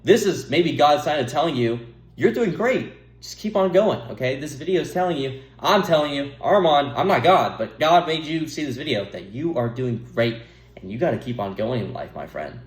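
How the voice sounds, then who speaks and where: In an echoey room, a young man gives rambling, earnest advice to the camera, breaking off to laugh at himself and drifting off topic. His mid-range voice has lively intonation and moves fairly quickly.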